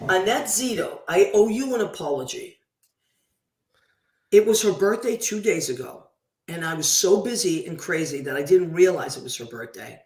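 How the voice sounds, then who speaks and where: A woman's voice: fairly low pitch, animated, normal speed. Chatty woman radio host in a roomy space. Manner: chatty and effusive, gives shout-outs. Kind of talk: casual radio chat.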